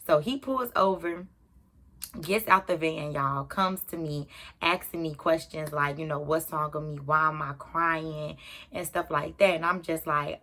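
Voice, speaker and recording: A young adult woman telling a personal story to her viewers in an animated, chatty way. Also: deep voice, normal speed. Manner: animated, talks straight to viewers. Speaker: YouTuber. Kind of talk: storytime vlog.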